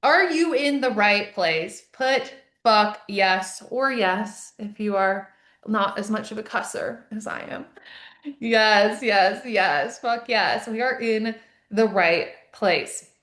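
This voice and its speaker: A young woman coach hosting a live online masterclass, gushing and energetic, swearing freely. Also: medium pitch, slow pace. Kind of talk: hyped live-stream pep talk. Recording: echoey room.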